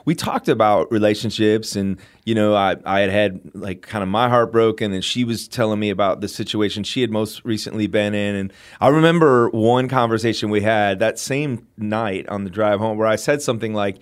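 A man as an interview guest, chatting in an animated way and telling a personal story with lots of fillers. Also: lowish voice, normal speed, few pauses, smooth. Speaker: guest telling how he met his wife. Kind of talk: casual storytelling.

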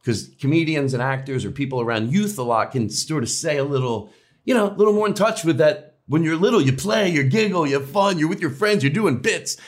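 Animated higher-voiced male comedian. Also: brisk. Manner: animated, rambling, restarts and swears. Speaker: comedian guest. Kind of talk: casual interview chat.

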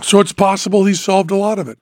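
A man's voice: high-pitched, little pitch movement, fast, a little mellow, dry recording, clean studio sound. An older man with a sore throat, telling a story in casual chat and acting out the other people's lines. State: sore throat after a procedure. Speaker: podcast host.

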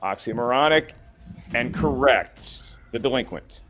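A man's voice: mid-range voice, animated, a little slow, fairly bright tone, slight background noise. A man hosting a trivia game show, reading questions and counting down with playful, teasing banter.

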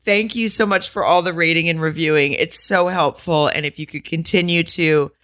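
A woman's voice: low-pitched, fairly even intonation, moderate pace, fairly bright tone, no echo, studio quality. A woman co-hosting a casual podcast from home, joking about herself and laughing often. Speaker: podcast co-host. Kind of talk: casual chat. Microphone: remote call setup at home.

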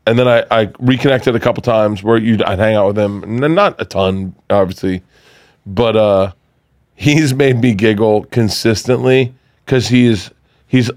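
A man's voice: fairly low pitch, normal speed, darkish tone, no room sound, studio quality. A middle-aged man, a guest on a podcast, chatting casually and telling stories with laughs and put-on voices for the people he quotes.

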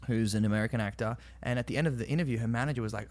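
A man's voice: mid-range voice, very fast, hardly any pauses. An Australian man telling stories in a casual interview, rambling with many fillers. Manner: rambling, many fillers, acts out quoted voices. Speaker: actor guest.

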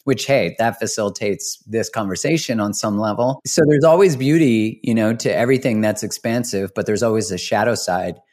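A man hosting a podcast, talking loosely with casual swearing and getting higher when he makes a point. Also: a little fast, few pauses, a little mellow. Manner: loose and profane, rises in pitch when emphatic. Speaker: podcast host.

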